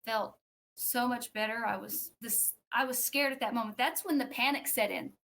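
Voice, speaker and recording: A woman with a somewhat high voice tells a personal story as a podcast guest. She talks in a loose, conversational way and acts out what others said. Her telling is animated, broken up by fillers and restarts. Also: normal speed, creaky. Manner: animated, acts out quoted speech.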